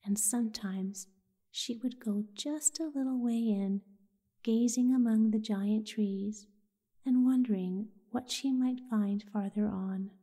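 A woman with a breathy, half-whispered voice, softly narrating a soothing bedtime story. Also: fairly high pitch, takes it slowly. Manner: soft, half-whispered delivery.

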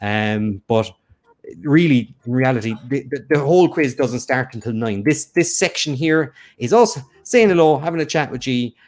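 A man's voice: medium pitch, animated, normal speed, a little mellow. A man co-hosts a live quiz stream in casual, rambling chat. He teases his partner and often restarts his sentences. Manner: teasing, rambling, many restarts. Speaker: quiz show co-host.

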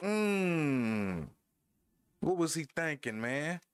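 Speaking very slowly in a slightly high, sing-song voice, this man chats with viewers over a headset while playing a wrestling game. He laughs and trash-talks his opponent. The sound is clear and resonant, with no echo.

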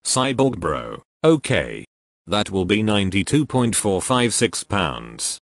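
A text-to-speech engine voices a lowish-registered man reading joke error messages slowly in a flat, evenly paced computer voice. His delivery stays steady and synthetically even throughout. The sound is close and completely dry, with no room around it.

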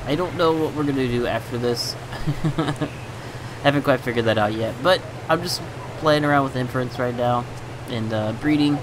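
A man's voice: medium pitch, normal speed, background noise. A man hosting a gaming channel, chatting casually over his gameplay, exasperated and laughing at his own bad luck.

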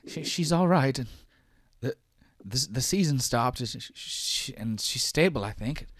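A man voicing a frantic, panicked mother in a shrill falsetto, stammering and crying out. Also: animated, moderate pace, fairly bright tone, a little hiss or hum, lightly acted.

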